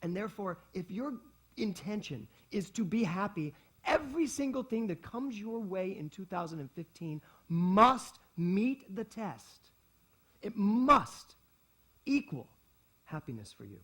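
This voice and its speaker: Animated, husky-voiced male pastor. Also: sits high, unhurried. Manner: animated, repeats key lines for emphasis, playful asides. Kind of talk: sermon. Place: spiritual center service hall with congregation.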